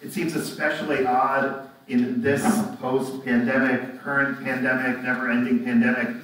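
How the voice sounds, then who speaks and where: A man's voice: medium pitch, a bit bright. A man preaching a reflective sermon as pastor, often ending thoughts with tag questions. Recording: echoey room, mic far off.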